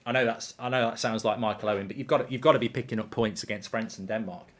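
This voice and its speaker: A man's voice: on the low side, steady tone, quick pace. Man, football watchalong host, casual, rambling, frequent ums. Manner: chatty, rambling, lots of ums. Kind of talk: live football watchalong commentary.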